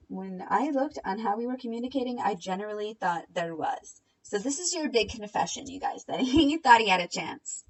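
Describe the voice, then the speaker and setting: A woman's voice: mid-range voice, normal speed, rough recording. A young woman recapping and reacting to online drama in a blunt, sarcastic, casual way, swearing freely. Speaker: commentary vlogger. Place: home at night.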